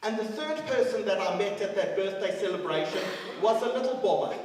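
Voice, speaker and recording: A man's voice: sits high, animated, brisk, far from the mic, a little hiss or hum. Man speaking in an echoey hall. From South Africa. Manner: dramatic storyteller, swings between loud and quiet. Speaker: guest speaker. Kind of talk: storytelling speech. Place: large school hall.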